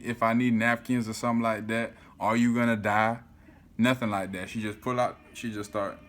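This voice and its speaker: Animated man telling a story. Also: mid-range voice. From South Florida. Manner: animated, swears often, keeps saying "you feel me". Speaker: vlogger. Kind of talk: casual storytelling to camera.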